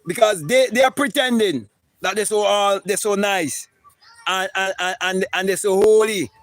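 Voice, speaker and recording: Fiery high-voiced man preaching. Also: normal speed, fairly bright tone, no echo. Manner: emphatic, preachy and profane, with repeated words. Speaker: spiritual teacher streaming live. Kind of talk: impassioned live-stream monologue.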